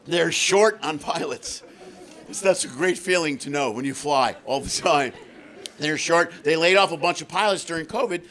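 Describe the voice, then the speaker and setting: High-pitched gravelly stand-up comic. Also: male voice, normal speed. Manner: high-energy, acts out voices and shouts punchlines. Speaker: stand-up comedian. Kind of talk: stand-up comedy set. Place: comedy stage before a laughing audience.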